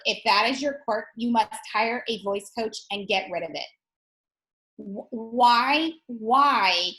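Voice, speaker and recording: A woman instructor teaching an online presentation workshop over a video call, speaking in a direct and energetic way with frequent restarts. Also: a little high, echoey room, poor audio.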